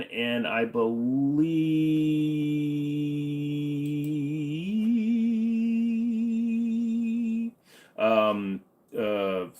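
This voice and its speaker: A young man hosting a casual livestream, reading viewer questions and answering them with crude jokes. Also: on the low side. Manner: joking, profane, answers chat questions.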